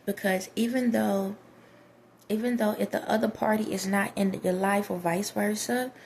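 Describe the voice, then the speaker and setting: A woman's voice: medium pitch, fairly even intonation, moderate pace, vocal fry, darkish tone, slight background noise. A woman vlogger giving casual spiritual advice to her viewers, emphatic and preachy, often repeating herself.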